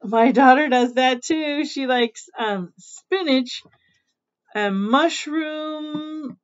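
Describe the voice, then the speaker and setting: A mother reading a picture book aloud to children, adding gentle teaching asides, on a slightly dull recording. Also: sits high, very slow.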